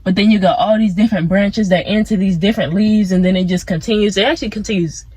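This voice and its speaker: A woman's voice: mid-range voice, quick pace, a little mellow, slightly rough, dry recording, poor audio. A young woman vlogging outdoors in a casual motivational chat that keeps wandering off into side thoughts. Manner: rambling, easily sidetracked, laid-back. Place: outdoors among plants.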